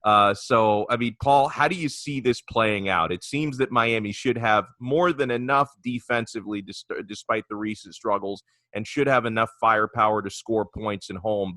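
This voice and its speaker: A man's voice: on the low side, sharp tone, no echo. A man hosting a sports talk podcast, chatting casually about football with lots of filler words. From South Florida.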